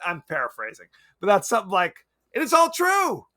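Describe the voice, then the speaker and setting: A man's voice: high-pitched, wildly swooping pitch, a little fast, few pauses, pushed and bright. A man co-hosting a podcast, chatting casually and animatedly about a movie, often laughing and acting out lines. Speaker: podcast co-host.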